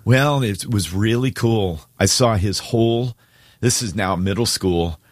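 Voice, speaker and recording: A man co-hosting a casual talk show, telling a story with deep feeling and choking up at times. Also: unhurried, dry recording. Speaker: co-host. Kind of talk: casual chat.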